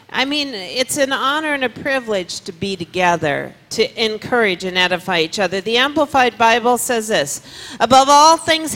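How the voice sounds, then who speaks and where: A female pastor preaching at a church service, reading scripture aloud slowly with emphasis. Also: fairly high pitch, a bit bright. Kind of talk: sermon. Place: church sanctuary. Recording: long reverb of a church hall.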